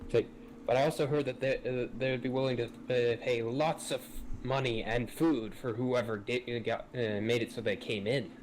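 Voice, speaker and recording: A man playing a tabletop game, talking in a hesitant way with many pauses and restarts. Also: mid-range voice, steady tone, slight background noise, low-quality recording. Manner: hesitant, full of uhs and restarts. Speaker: player. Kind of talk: casual tabletop play.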